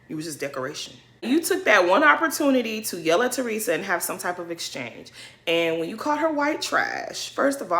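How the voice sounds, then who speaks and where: A woman's voice: medium pitch, fairly bright tone. A woman giving a blunt, opinionated recap of a reality TV episode, scolding the cast directly with slangy asides. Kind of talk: opinionated casual commentary.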